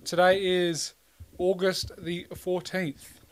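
A man's voice: high voice, level tone, slow. A man, co-hosting a casual podcast chat in a laid-back, swearing manner. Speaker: podcast co-host.

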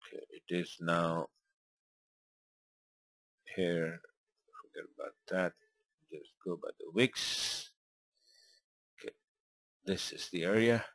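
Trading webinar host, male, very low voice, dry close sound; loose, filler-heavy chart talk in non-native English. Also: slow, long pauses, fairly bright tone, no room sound. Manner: rambling and informal, many fillers. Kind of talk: live webinar chart commentary.

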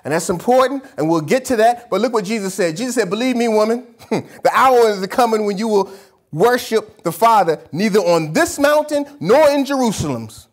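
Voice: mid-range voice, animated, normal speed. A pastor preaching a sermon in a casual, colloquial way, emphatic, repeating key phrases and answering their own questions.

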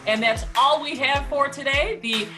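A woman's voice: sits high, normal speed, music in the background. A woman hosting a casual web conference discussion, wry and opinionated with a jokey edge. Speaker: host.

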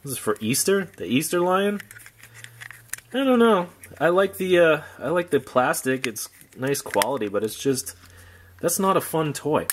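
A man's voice: a little high, big pitch swings, normal speed, slight background noise. A man giving casual unboxing commentary on old action figures, rambling with wry, jokey asides. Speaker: toy collector vlogger.

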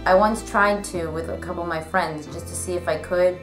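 A woman's voice: on the low side, fairly even intonation, moderate pace. A young woman vlogger answering viewer questions in a casual, rambling chat full of fillers. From United States. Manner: chatty, rambling, lots of "like" fillers. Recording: echoey room with music behind. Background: background music.

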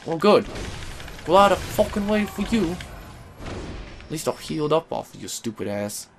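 A man's voice: a little high, very animated, moderate pace, creaky, slight background noise. Furious swearing male gamer. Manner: furious, swearing, swings from yelling to muttering. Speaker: gaming video host. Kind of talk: angry let's-play commentary.

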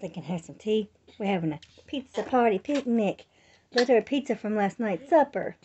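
A woman's voice: mid-range voice, animated, normal speed, darkish tone, lo-fi sound, a little hiss or hum. A young woman filming a casual family vlog at home, talking playfully to her toddler in coaxing baby talk and laughing often. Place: home, on the floor indoors.

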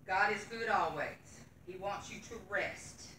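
Her medium-pitched voice is sharp and a little slow as she gives an earnest, folksy Sunday school lesson, reading scripture aloud. The middle-aged woman is recorded at a distance in an echoey church room, with a little hiss or hum.

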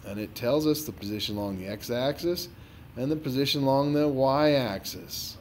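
A man's voice: medium pitch, moderate pace, slight background noise. Exasperated, sarcastic male math teacher. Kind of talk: dramatized tutoring walkthrough.

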